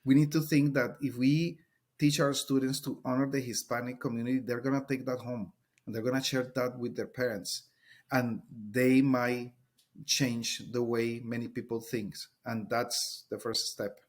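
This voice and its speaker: A man's voice: medium pitch, steady tone, normal speed. Colombian man speaking English earnestly. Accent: Colombian Spanish. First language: Spanish. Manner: earnest, emphatic, searching for words. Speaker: Spanish teacher and guest. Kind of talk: podcast interview.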